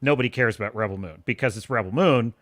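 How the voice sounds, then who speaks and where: A man's voice: mid-range voice, fast, a bit bright, dry recording. A young man ranting scornfully during a live stream, often breaking into laughter as he reacts to reviews.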